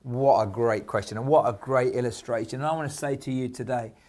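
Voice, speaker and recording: A man's voice: mid-range voice, fairly quick, a little mellow. A middle-aged man preaching a sermon, telling stories and repeating affirmations. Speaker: pastor.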